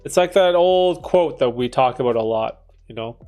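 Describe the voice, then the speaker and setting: A young man from Canada hosting a casual livestream, reading chat and joking, laid-back with loud bursts of laughter and swearing. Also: mid-range voice, expressive, moderate pace, faint music behind. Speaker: livestream host answering chat.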